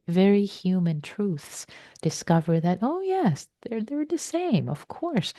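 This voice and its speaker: A woman meditation teacher giving a slow, reflective dharma talk in a soft voice, with some words whispered for stress. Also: low voice, creaky, no echo, clean studio sound.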